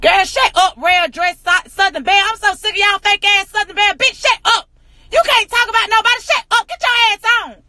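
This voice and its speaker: A woman in an angry, profane rant to camera, hammering rhetorical questions and often shouting. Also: very high-pitched, a little fast. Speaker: social media personality.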